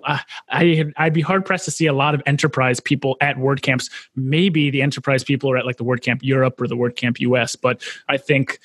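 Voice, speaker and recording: A man's voice: mid-range voice, a bit bright, no echo, clean studio sound. A man hosting a podcast, talking in an enthusiastic, laid-back way and calling his guest "man" and "dude". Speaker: podcast host. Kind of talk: casual interview chat.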